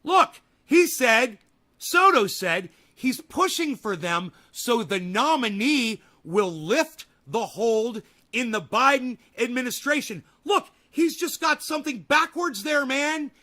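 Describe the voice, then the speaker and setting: A man hosting a livestream, ranting at his chat. He yells and swears in exasperation, then drops to an apologetic mutter. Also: extremely high pitch, animated, slow. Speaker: livestream host. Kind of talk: ranting live commentary.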